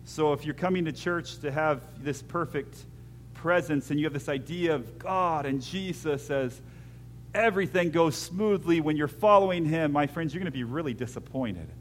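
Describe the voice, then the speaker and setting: A man preaching a sermon as pastor, moving between hushed, intimate lines and loud acted-out scenes, with jokey asides. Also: a little high, normal speed, a little hiss or hum.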